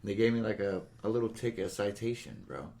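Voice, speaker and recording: A man's voice: on the low side, animated, fast talker, gravelly, mellow. A man in his thirties, a podcast guest, chatting in a laid-back, profane way in a studio. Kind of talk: casual chat.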